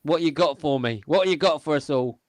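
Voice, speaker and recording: A man's voice: a little high, brisk, darkish tone, dry recording. Playful, theatrical male show host. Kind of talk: lively panel show hosting.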